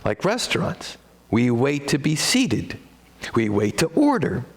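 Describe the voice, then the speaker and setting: A Midwestern American man performs a one-man stage monologue in a mid-pitched voice. He takes his time, letting each line land slowly. His humor is wry and self-deprecating, with sudden pitch leaps for comic effect. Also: creaky. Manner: expressive, jumping pitch for comic emphasis.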